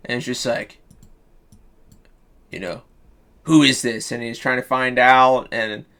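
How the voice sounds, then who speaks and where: A man streaming live, pitching a story in loose casual chat, swearing freely and restarting sentences. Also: little pitch movement, unhurried, bright, forceful tone, smooth. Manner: profane, loose, full of fillers and restarts.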